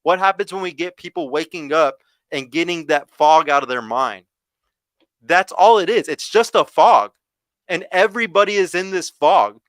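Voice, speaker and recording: A young man with a drawl rants heatedly on a podcast livestream, tripping over his own words and repeating himself. His voice is bright and forceful, crisp and clear, and the recording is close and dry. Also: a little high, expressive, normal speed, no echo. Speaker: podcast host.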